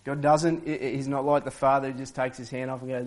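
A man's voice: mid-range voice, level tone, fast talker. A male pastor, preaching in a conversational way and often restarting his sentences. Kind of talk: sermon.

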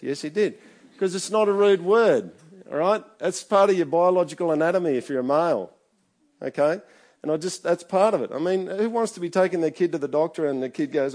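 A man's voice: medium pitch, a little mellow. A middle-aged man preaching a conversational sermon, often checking in with his listeners. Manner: chatty, keeps checking in with the congregation. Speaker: pastor.

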